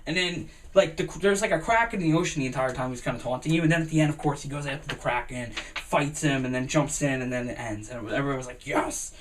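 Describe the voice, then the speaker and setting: A young man giving a rambling, excitable gaming commentary, full of fillers and swearing. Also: medium pitch, fast, hardly any pauses, distant mic, a little hiss or hum. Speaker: gaming vlogger.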